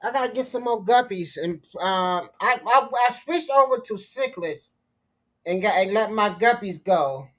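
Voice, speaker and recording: A woman's voice: mid-range voice, lively intonation, moderate pace. A woman with a Southern US accent chatting casually on a call, drawling and laughing easily. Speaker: support group member.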